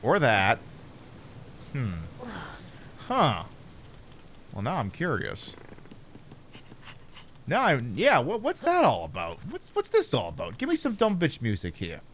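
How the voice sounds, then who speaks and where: A man's voice: mid-range voice, wildly swooping pitch, slow pace, pauses often, a bit bright, slight background noise. A man playing a game on stream, muttering sarcastic, swearing commentary to himself. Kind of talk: casual gameplay commentary.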